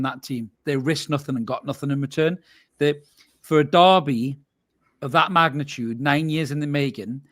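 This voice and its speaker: A man's voice: medium pitch, a bit bright, dry recording, studio quality. A man, co-hosting a fan podcast and ranting bluntly in a heated live reaction, swearing freely. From North East England.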